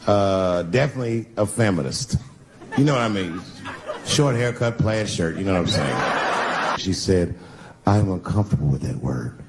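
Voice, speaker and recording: A man in his fifties performing a stand-up comedy set on a large theater stage, telling stories at a relaxed pace and leaving room for the crowd's laughter. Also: on the low side, moderate pace, background noise. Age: 50s. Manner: laid-back storytelling with crowd laughter breaks. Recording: reverberant hall with loud crowd.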